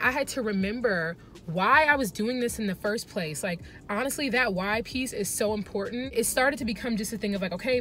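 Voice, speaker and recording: A woman's voice: medium pitch, fairly bright tone. A young woman talking earnestly to the camera from her parked car, chatty and full of fillers, for a casual confessional vlog. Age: young adult. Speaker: vlogger.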